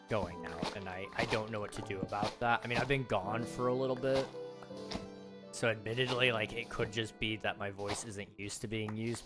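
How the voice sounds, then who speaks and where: A hoarse man losing his voice, rambling and self-mocking while chatting casually on a livestream. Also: lowish voice. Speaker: game streamer. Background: music.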